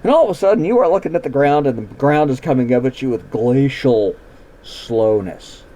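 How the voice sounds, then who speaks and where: A man voicing a calm, wry ranch woman, speaking in a measured, reflective way. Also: mid-range voice, lightly acted.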